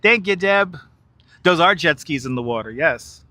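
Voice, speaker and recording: A man's voice: on the high side, lively intonation, moderate pace, sharp tone. A man hosting a live stream outdoors, joking, laughing a lot and chatting to viewers on a wireless clip-on mic. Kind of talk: live-stream walking commentary. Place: outdoors in Manhattan by the river.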